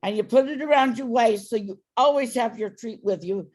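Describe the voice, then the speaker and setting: A woman's voice: on the high side, a little fast, darkish tone. A woman dog trainer giving a client patient, step-by-step instructions. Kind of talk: coaching a client through training.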